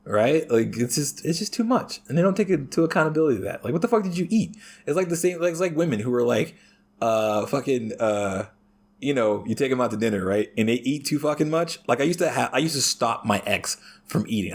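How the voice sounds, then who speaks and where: A man chatting casually as a podcast guest, swearing heavily and telling crude stories in an animated way. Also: mid-range voice, fast, husky. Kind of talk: casual chat.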